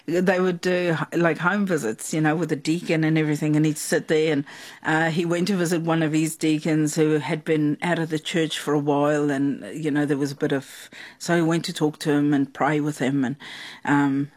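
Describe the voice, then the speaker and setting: A woman's voice: deep voice, flat delivery, moderate pace, a little mellow. A woman from South Africa with a South African accent, telling stories as an interview guest in a chatty way, with frequent laughter and fillers. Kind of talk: casual storytelling.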